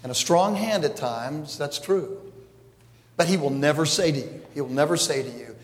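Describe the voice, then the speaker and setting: In a large church hall, a pastor with a fairly high voice speaks at a moderate pace, delivering a conversational, joke-filled sermon. The echoey recording picks up the congregation laughing along.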